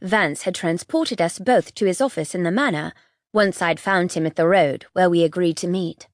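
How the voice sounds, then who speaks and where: A woman narrating a first-person fantasy audiobook in a tense, measured way. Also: on the low side, dry recording, clean studio sound.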